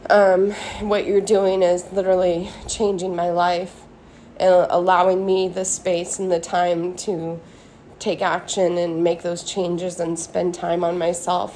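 A woman's voice: fairly low pitch, mellow, slight background noise. A woman hosting a solo podcast, talking earnestly and casually with lots of "like", recorded on a phone in a hotel room. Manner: casual, earnest, heavy use of "like". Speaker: podcast host. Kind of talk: reflective solo podcast monologue. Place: hotel room at a beach resort.

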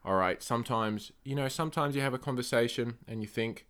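A man hosting his own solo podcast, rambling and swearing through rants that flare up loud and high when he gets angry. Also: a little fast, clean tone. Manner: rambling, profane, ranting. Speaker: podcast host.

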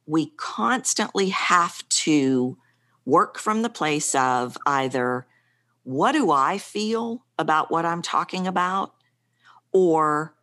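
A woman's voice: deep voice, expressive, slow pace, a bit bright. A middle-aged woman speaking coach, talking animatedly in an interview and shifting her pace for emphasis. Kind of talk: conversational interview.

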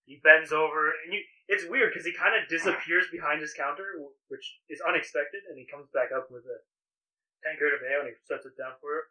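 A man's voice: fairly high pitch, fairly quick, bright, forceful tone. A man narrating as game master of a tabletop role-playing game in a casual, laid-back way, with easy fillers. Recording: voice from a distance off the mic.

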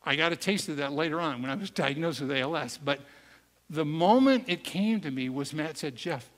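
A man's voice: fairly high pitch, expressive. Earnest man preaching in a hall. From United States. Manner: earnest, conversational, slows for emphasis. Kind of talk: sermon storytelling. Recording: echoey hall reverb.

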